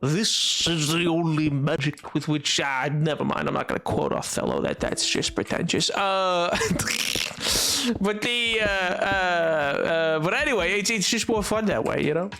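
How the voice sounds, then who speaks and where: Bright-voiced man, rambling and theatrical. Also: a little high, expressive, measured pace, creaky. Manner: rambling, stammering restarts, theatrical asides. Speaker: streamer. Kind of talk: casual chat while gaming.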